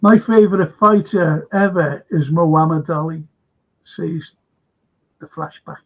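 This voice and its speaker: A man's voice: fairly high pitch, a little slow. An older man hosting a live stream, rambling through viewer comments in a casual chat and losing his train of thought. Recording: dull lo-fi stream audio.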